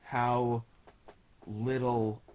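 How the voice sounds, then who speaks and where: A man's voice: medium pitch, little pitch movement, drawn-out words, noisy background. A man co-hosting a podcast, chatting casually with a joking, irreverent manner and frequent laughs. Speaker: podcast co-host. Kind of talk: casual chat.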